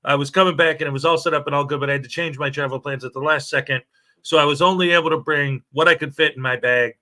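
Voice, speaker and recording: A man's voice: fairly high pitch, steady tone, fast talker, sharp tone. A man hosting a casual morning livestream, chatty and jokey as he reads viewer comments aloud. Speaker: livestream show host.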